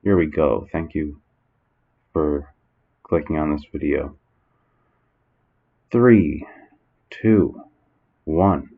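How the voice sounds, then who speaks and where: A man hosting a comedy podcast, talking in a halting, filler-heavy, playful way. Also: a bass voice, steady tone, vocal fry, husky, narrow, tinny audio. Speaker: podcast host. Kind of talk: comedy sketch and casual chat. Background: background music.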